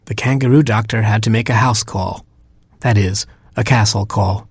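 A man reading a story aloud in a wry, gently humorous way. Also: fairly low pitch, moderate pace, husky, dry recording.

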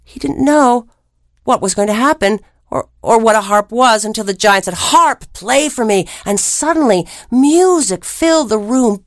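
A woman storyteller spins a fairy tale at a slow, unhurried pace. She is expressive and dramatic, with long pauses and playful sound effects, recorded dry and close. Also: fairly high pitch, dry recording. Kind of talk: oral storytelling.

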